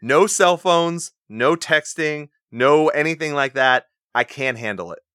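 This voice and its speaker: A man's voice: a little high, expressive, measured pace, pushed and bright, clear, resonant tone, no room sound, clean studio sound. Blunt, profane man ranting. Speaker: podcast co-host. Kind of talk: casual chat.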